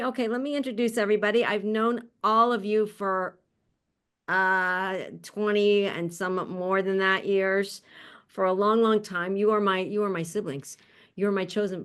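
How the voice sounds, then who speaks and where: A woman's voice: medium pitch, a bit bright, smooth. A woman hosting an online panel on a video call, introducing guests in a chatty, friendly way with frequent laughs and asides. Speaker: panel host.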